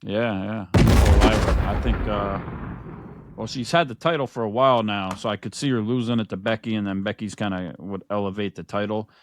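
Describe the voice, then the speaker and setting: Easygoing low-voiced man talking wrestling. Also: steady tone, fairly quick, noisy background. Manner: easygoing, lots of fillers and repeated phrases. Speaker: podcast co-host. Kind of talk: casual wrestling prediction chat.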